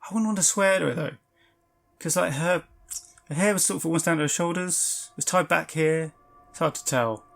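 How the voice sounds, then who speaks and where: A man's voice: fairly high pitch, fairly quick, creaky, a bit bright, voice pushed up. A man doing a gossipy hotel clerk. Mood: eager. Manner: rambling with fillers and hedges. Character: chatty male hotel clerk, gossipy and eager.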